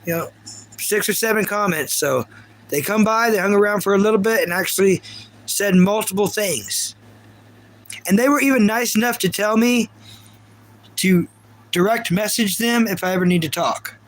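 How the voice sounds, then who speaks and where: A man's voice: high-pitched, normal speed, pauses often, rough recording. A man with a Kentucky accent chatting casually on a live stream, rambling earnestly and reading viewer comments aloud. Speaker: livestreamer.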